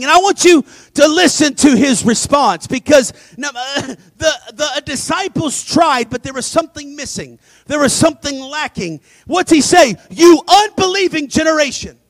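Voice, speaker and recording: A male pastor preaching a dramatic sermon, swinging between loud emphasis and hushed asides. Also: very high voice, moderate pace, no room sound. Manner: acts out scripture voices.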